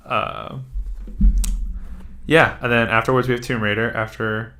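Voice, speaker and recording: A man's voice: medium pitch, fairly even intonation, takes it slowly, bright, forceful tone. A man co-hosting a casual gaming podcast, rambling with lots of fillers. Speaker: podcast co-host. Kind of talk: casual chat.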